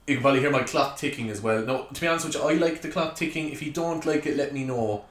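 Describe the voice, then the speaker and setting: A man's voice: medium pitch, fast talker, a bit bright. An Irish man hosting a solo comedy podcast, ranting chattily with lots of joking asides, recorded in a small room at home. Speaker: podcast host. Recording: echoey room.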